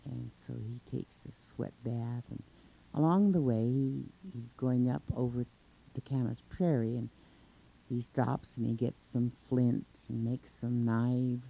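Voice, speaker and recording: Slow, gravelly male storyteller. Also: mid-range voice, steady tone. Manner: unhurried, chained with 'and', frequent fillers. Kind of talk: oral folk tale telling. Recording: dull lo-fi recording.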